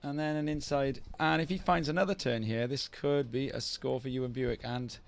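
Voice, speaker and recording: A man's voice: medium pitch, steady tone, normal speed, gravelly. A man doing live commentary on a surf contest, chatty and teasing, with self-deprecating banter between the heats.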